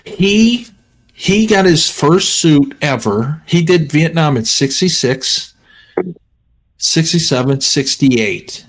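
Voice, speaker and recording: A man's voice: on the high side, expressive, slow. A man on a casual stream, telling rambling anecdotes and acting out what people said. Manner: rambling anecdotes with laughs and acted-out quotes. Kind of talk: casual storytelling chat.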